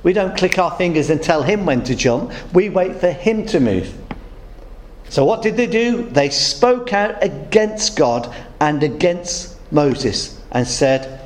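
A man's voice: fairly high pitch, lively intonation, unhurried. A man preaching a sermon, weaving humorous stories into his teaching. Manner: storytelling with humorous anecdotes. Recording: roomy echo.

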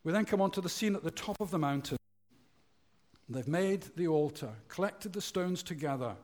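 Male preacher, animated delivery, slightly high, drops to a hush at key words. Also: normal speed. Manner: lively, falls low and quiet at phrase ends; tells a joke story acting out voices. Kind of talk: sermon.

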